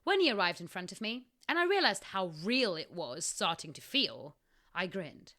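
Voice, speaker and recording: A woman's voice: medium pitch, sing-song, moderate pace, bright, forceful tone. A woman podcast host in her thirties reading her own story aloud, casual, often breaking off to laugh.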